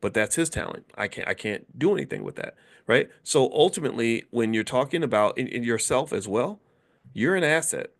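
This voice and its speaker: Animated middle-aged man giving commentary. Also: mid-range voice, fairly quick. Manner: animated, restarts and repeats words, acts out quoted voices. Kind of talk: casual commentary monologue.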